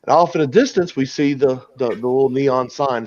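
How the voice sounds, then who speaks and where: A man's voice: medium pitch, unhurried. A man casually telling a long, crude story with frequent laughs and restarts. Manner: rambling, crude, laughing at his own story. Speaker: podcast host telling a story. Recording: dull lo-fi sound, dry.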